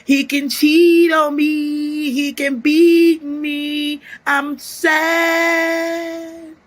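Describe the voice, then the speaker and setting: A woman singing a slow, plaintive a cappella lament. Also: high-pitched, flat delivery, faint music behind.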